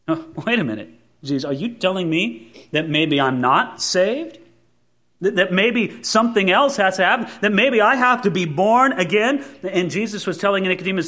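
A male preacher with a high voice that leaps and swoops through a very wide range. He preaches with heavy emphasis, pulling back to hushed asides before pressing hard on the words that matter. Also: expressive, normal speed. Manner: emphatic, swinging between loud stresses and soft asides; acts out quoted voices. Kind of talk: sermon.

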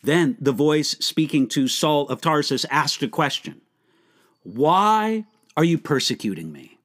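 A man pastor giving a short devotional Bible teaching, earnest and measured, slowing down to stretch key words. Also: a little high, very animated, a bit bright.

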